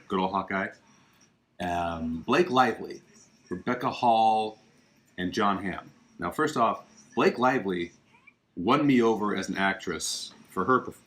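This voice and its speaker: A man's voice: lowish voice, fairly bright tone. A man hosting a casual livestream from his living room, chatting about films with emphatic, opinionated asides. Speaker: podcast host.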